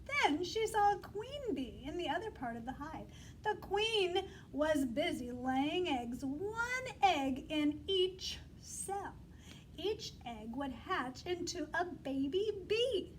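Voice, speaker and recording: A woman teacher reading a storybook aloud to young children, animated and coaxing, asking them to repeat words after her. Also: very high voice, slow, a little hiss or hum.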